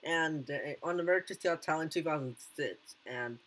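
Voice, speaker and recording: A man hosting a reaction video in casual commentary, excitable and full of halting restarts and repeated exclamations. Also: a little high, rough recording.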